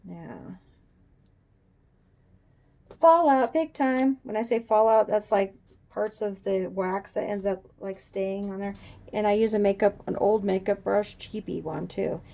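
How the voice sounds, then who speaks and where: A woman hosting a coloring tutorial, chatting casually and thinking aloud as she works, even talking to her drawing. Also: mid-range voice, measured pace, creaky. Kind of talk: casual demonstration while drawing. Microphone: camera on a tripod.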